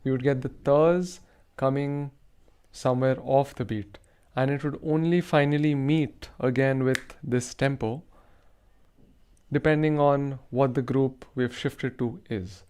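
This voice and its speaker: A man's voice: mid-range voice, steady tone, measured pace, a little mellow, smooth. A man hosting a rhythm lesson, carefully explaining and reciting rhythm syllables in time. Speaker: rhythm teacher, show host.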